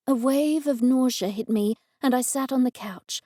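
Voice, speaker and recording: An Australian woman narrating a cozy mystery audiobook in the first person, measured and expressive. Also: high-pitched, dry recording, studio quality.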